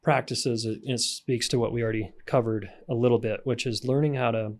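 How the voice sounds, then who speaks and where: A relationship coach appears as a podcast guest, speaking frankly and animatedly about raising children and repairing with them, acting out parents' voices. His mid-range voice moves a little fast.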